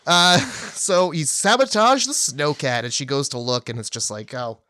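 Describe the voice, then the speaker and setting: Bright, joking podcast guy. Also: fairly high pitch, moderate pace, dry recording, studio quality. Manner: joking, rambling, lots of fillers. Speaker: podcast co-host. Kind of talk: casual movie discussion.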